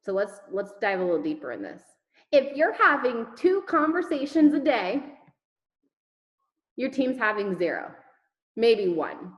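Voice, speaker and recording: A woman's voice: a little high, sing-song, a little slow, long pauses, roomy sound, poor audio. A woman leading a network marketing team, giving an emphatic motivational talk over a video call, firing rhetorical questions and repeating words for effect. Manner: emphatic, rhetorical questions, repetition, casual swearing.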